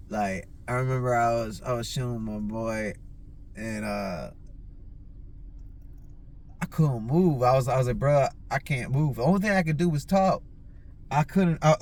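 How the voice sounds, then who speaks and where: A man with a slightly higher voice telling casual stories as a podcast host. He rambles, swears constantly and stuffs his sentences with "like". When he quotes himself, his voice jumps up in pitch. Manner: rambling and heavily profane, lots of filler "like". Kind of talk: casual storytelling.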